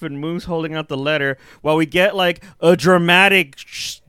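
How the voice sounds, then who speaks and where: A man co-hosting a casual movie review chat, talking in an animated way with lots of fillers, restarts and swearing. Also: on the high side, normal speed, clear, resonant tone, no echo, studio quality. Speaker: podcast co-host.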